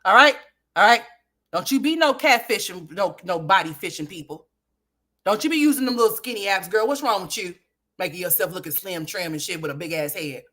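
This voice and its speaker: A woman's voice: on the low side, expressive, fairly quick. A woman hosting a gossip commentary livestream, profane and trash-talking, laughing often and talking straight to her viewers. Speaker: livestream host.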